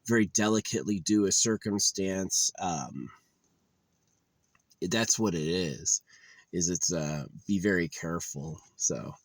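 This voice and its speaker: A young man with a low, deep voice vents in a tired, rambling rant, full of fillers and swearing. The sound is dry and close, with no room echo. He keeps circling back to his frustration. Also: slow pace. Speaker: gamer venting about a game. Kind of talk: casual rant to camera.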